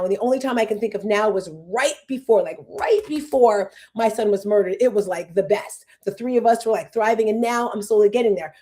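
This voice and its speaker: This host, a woman in her fifties with a medium-pitched, dark-toned voice, leads a casual talk that wanders emotionally from tangent to tangent. Now and then she sounds on the verge of tears.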